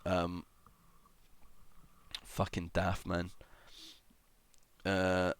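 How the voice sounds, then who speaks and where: A man's voice: fairly low pitch, moderate pace, fairly bright tone, no room sound. A young adult man livestreaming and chatting casually, rambling and self-deprecating, swearing often and humming idly between thoughts. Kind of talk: casual live-stream chat.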